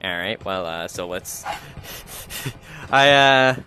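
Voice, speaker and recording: Young man, bright voice, rambling gamer venting about work into a headset mic. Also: low-pitched, animated, slow, a little hiss or hum. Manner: rambling, complaining, frequent fillers. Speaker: gaming vlogger. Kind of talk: casual rambling vent while gaming.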